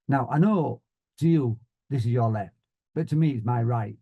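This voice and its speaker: Brief: Yorkshire man, motivational speaker, deadpan self-mocking humour, mellow voice. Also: medium pitch, normal speed, slightly rough. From Yorkshire, England. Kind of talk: humorous motivational talk.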